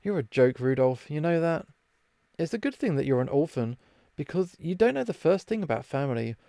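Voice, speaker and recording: A man voicing a blunt, sharp-tongued female reindeer who mocks and snaps at others. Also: on the high side, sing-song, a little fast, vocal fry, dry recording. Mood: harsh. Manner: blunt and mocking.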